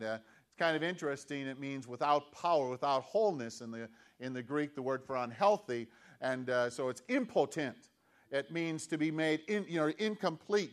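Man preaching, fairly high-pitched voice, conversational sermon, repeats questions for emphasis. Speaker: pastor.

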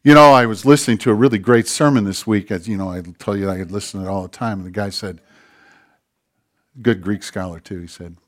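A man preaching a sermon as pastor, swinging between quiet, hushed passages and slow, emphatic declarations. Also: on the low side. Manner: dynamic, swings from hushed to emphatic, drawn-out phrases.

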